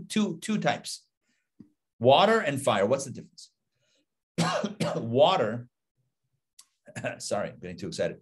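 A middle-aged rabbi with a husky, mid-range voice teaches a casual live Torah class. He is animated and conversational, posing rhetorical questions and repeating himself.

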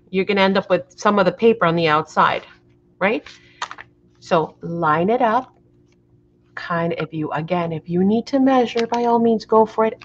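A middle-aged woman hosting a live craft tutorial, chatty and a bit flustered, often checking in with her viewers. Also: mid-range voice. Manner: apologetic, flustered by the camera framing. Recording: dull lo-fi sound.

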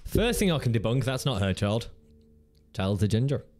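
A man's voice: mid-range voice, sing-song, normal speed, over loud music. A man hosting his own channel, chatting casually and rambling through jokes and playful swearing while reacting to videos. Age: adult parent of a teenager. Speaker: channel host.

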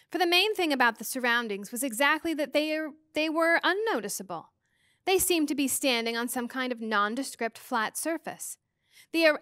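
A teacher reading a storybook aloud with a high, clear voice. Her reading is expressive and steady, recorded dry and close with no room sound. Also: no room sound.

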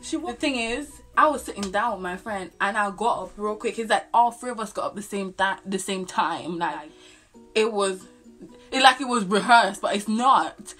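A woman's voice: mid-range voice, moderate pace, faint music behind. A young woman telling a storytime vlog, full of slang and swearing. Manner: animated, slangy, swears freely. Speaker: vlogger.

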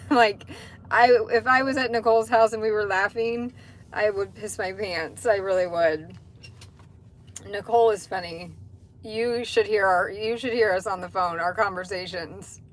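A woman livestream host sits in a truck cab, speaking a little slowly in a steady, mid-range voice. She reads out comments from viewers and replies in a frank, chatty way, swearing now and then.

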